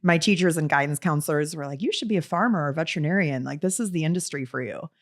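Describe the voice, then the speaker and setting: A woman's voice: sits low, fast. A woman in her forties from Wisconsin, a podcast guest telling stories in a casual, laughing way and acting out the quoted lines. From Wisconsin, US Midwest. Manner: lively, laughing, acts out quotes in raised voice. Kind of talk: casual storytelling.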